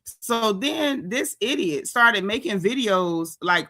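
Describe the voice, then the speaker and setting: A sassy woman hosts a gossip commentary stream in an African American English accent, animated and indignant as she talks. Her voice is bright and forceful, at a middle pitch for a woman. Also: a little slow. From United States. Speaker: gossip show host. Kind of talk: casual commentary livestream.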